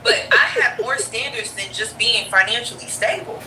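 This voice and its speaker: Lively woman with a bright, sharp voice, heard from a distance in an echoey room. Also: a little high, moderate pace. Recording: roomy, distant, faintly noisy.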